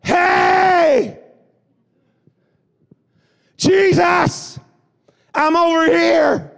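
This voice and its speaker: A male pastor voicing a desperate blind beggar who talks in casual slang and shouts for attention, in a reverberant hall. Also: sits high, lively intonation, brisk, voice pushed up. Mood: desperate shouting.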